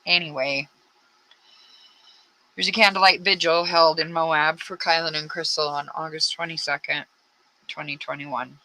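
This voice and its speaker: A woman's voice: low-pitched, fairly even intonation, measured pace, long pauses, pushed and bright, a little hiss or hum, rough recording. A woman hosting a casual true-crime commentary, rambling with blunt, frustrated asides. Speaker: true crime channel host.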